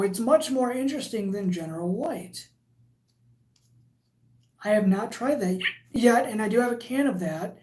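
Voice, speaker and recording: A woman hosting a casual livestream, reading viewer comments aloud and chatting in a rambling way. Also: fairly high pitch. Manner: chatty and rambling, with frequent fillers. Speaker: livestream host.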